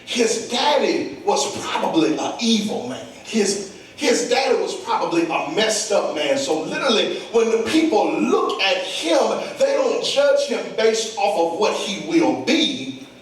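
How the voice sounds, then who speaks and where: A man preaching a sermon, calling out to his congregation and building to shouts. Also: sits high, sing-song, a little slow, a little hiss or hum. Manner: preaches with rising shouts and call-outs to the congregation. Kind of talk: call-and-response sermon. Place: church sanctuary. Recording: echoey church, distant mic, congregation responding.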